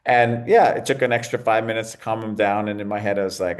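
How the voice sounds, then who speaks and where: Male podcast host, fairly low voice, candid and animated, casual chat. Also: fairly quick. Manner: animated storyteller, candid, swears.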